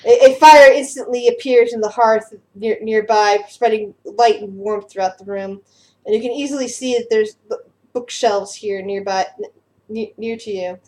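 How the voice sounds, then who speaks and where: A young woman narrating as game master for a tabletop game, pausing and repeating words as she describes scenes. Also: fairly high pitch, fairly even intonation, a little mellow.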